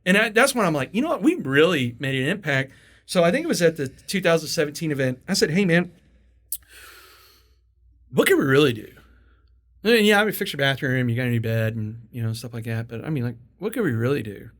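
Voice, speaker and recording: A man hosting an interview, telling stories in a casual, animated way, laughing and swearing as he goes. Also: a little high, fast talker. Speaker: podcast host.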